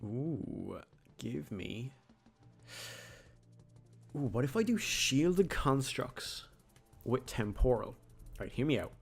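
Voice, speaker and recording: A man's voice: medium pitch, big pitch swings, slow, gravelly, long pauses, faint music behind. A man giving casual, rambling, jokey commentary while playing a video game. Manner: rambling, chatty, jokey asides. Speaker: gaming YouTuber.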